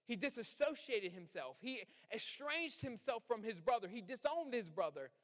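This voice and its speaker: A man's voice: very high-pitched, big pitch swings, moderate pace, a bit bright. A man preaching as a pastor, conversational and informal, with slang asides, and acting out the voices of biblical characters. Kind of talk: sermon. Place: church sanctuary. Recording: long hall reverb.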